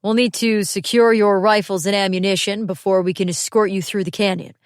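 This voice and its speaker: A woman voicing a smooth, calculating male militia general in an audiobook, speaking in a measured, coolly persuasive, folksy way. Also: medium pitch, steady tone, dry recording, studio quality, natural voice. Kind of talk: audiobook character reading.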